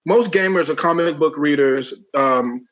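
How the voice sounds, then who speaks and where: A man in his thirties co-hosting a casual podcast chat, animated and arguing his point. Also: a little high, a little slow. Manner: animated, argues his point, keeps saying listen. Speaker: podcast co-host. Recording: dull lo-fi sound.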